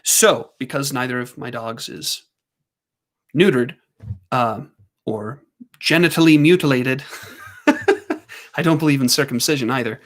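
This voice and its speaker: A man hosting a livestream, telling a casual story at home in an animated way, laughing and doing squeaky voices for his dogs. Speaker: livestream host.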